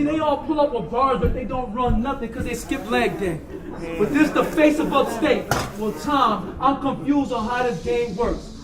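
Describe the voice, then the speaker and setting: Brief: high-pitched male battle rapper, shouted punchlines, echoey hall, crowd noise behind. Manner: loud, punchy, repeats lines and laughs at his own bars. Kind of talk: battle rap performance. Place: large indoor hall. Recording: echoey hall, distant mic, loud crowd.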